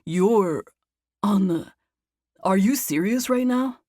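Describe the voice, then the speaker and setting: A woman reading the part of an eager young man talking on the phone, asking choppy, excited questions. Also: deep voice, normal speed, dry recording, clean studio sound.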